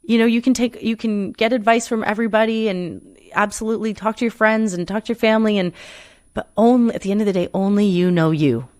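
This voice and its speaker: Pitched a little high and slightly mellow, her voice moves at a quick pace with fairly even intonation, recorded at studio quality without room sound. She's a podcast guest who performs and coaches, and in this reflective interview she's earnest but rambling, restarting often and saying "you know."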